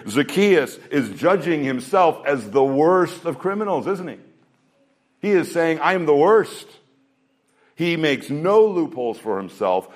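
Earnest man preaching a sermon. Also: medium pitch. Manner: earnest preaching, rhetorical questions, shifting pace. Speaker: pastor.

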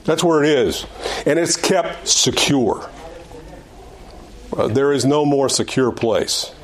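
A man's voice: mid-range voice, takes it slowly. An older man teaching an adult Sunday school class in a conversational way, repeating phrases and restarting sentences, rising and speeding up on key points. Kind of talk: Bible lesson. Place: church classroom.

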